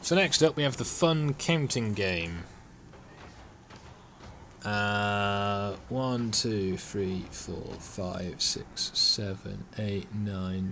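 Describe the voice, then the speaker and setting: A hobby modeller streaming his CAD work mutters casually to himself as he talks through a computer drawing, self-deprecating, with keyboard typing behind him. His voice is fairly low, a bit bright, and animated, with drawn-out words and slight background noise.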